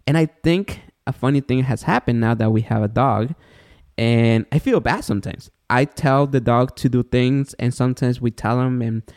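A man co-hosting a podcast in casual chat, an animated storyteller who acts out the voices of people in his stories. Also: mid-range voice. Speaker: podcast co-host.

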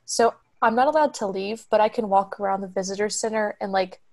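A woman's voice: mid-range voice, a little fast, vocal fry, a little mellow. A young woman, telling a story on a podcast in a chatty way. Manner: chatty, acts out quoted voices. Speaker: podcast co-host.

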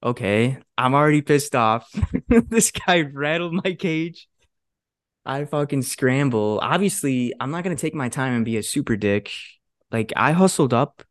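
A young man in his twenties, co-hosting a podcast and telling a story in a casual, animated way, swearing often and acting out what others said. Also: medium pitch, a little slow, no room sound, clean studio sound. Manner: animated, swears a lot, acts out quotes. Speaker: podcast co-host.

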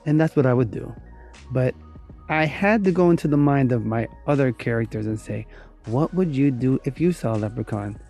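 A man's voice: medium pitch, expressive, moderate pace, dark tone, faint music behind. A man hosting his own comedy voiceover podcast, rambling and joking in a casual intro. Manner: rambling, joking, self-promoting. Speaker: podcast host.

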